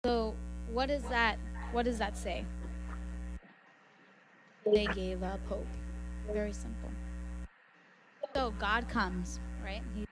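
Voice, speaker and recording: A woman with a medium-pitched voice preaches a sermon slowly and conversationally, pausing often and frequently asking her listeners questions. Music plays in the background, and the audio quality is poor.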